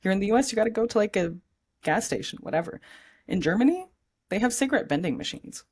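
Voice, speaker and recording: A woman's voice: medium pitch, animated, quick pace, darkish tone, husky. Chill woman on a podcast, rambly stories, laughs a lot. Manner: easygoing, rambling with fillers, laughs easily. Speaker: podcast guest. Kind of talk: casual chat.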